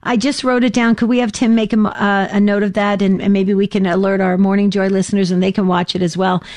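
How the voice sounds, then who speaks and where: A woman in her fifties co-hosting a talk show, telling an emotional story with lively voiced quotes. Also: medium pitch, fast, no echo. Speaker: co-host.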